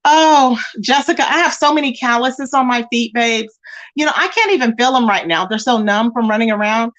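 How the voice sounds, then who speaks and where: A woman's voice: on the high side, fairly quick, fairly bright tone. A woman hosting a casual live stream, chatting with viewers and reading their comments, calling them baby and child.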